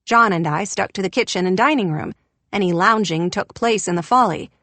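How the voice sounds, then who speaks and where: Woman reading an audiobook close to the mic, expressive, totally dry sound. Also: mid-range voice, a little fast, no room sound. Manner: expressive, lifting her voice for quoted lines. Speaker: audiobook narrator. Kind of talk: scripted first-person audiobook narration.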